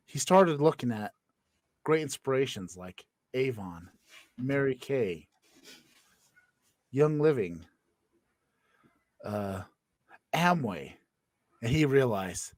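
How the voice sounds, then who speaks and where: A young man co-hosts a casual comedy show, laughing often as he makes up a goofy tale. His voice sits at an everyday middle pitch. The sound is close and dry, with no room around it. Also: a little mellow, no echo. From Florida. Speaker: podcast co-host.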